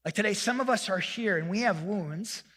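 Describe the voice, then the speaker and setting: A man preaching a sermon as pastor, telling a self-mocking story in an animated way and acting out the lines of the people in it. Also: high-pitched, moderate pace, in a large hall. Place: church sanctuary.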